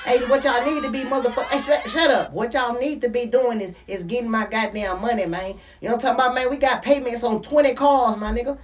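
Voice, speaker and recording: A man's voice: sits high, fairly quick, slight background noise, lightly acted. A man playing a boastful streetwise pimp in a spoof interview, rambling in slang and constantly asking "you know what I'm saying". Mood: scolding. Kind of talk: comedic parody interview.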